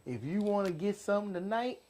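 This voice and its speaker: A man's voice: high-pitched, expressive, brisk, darkish tone, a little hiss or hum. A man co-hosting a casual talk show, brief and laid-back, laughing.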